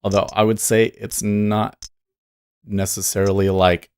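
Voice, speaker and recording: A man's voice: on the low side, flat delivery, measured pace, creaky, darkish tone, clean tone. A man hosting a day trading livestream, thinking aloud in a rambling, casual way and laughing often.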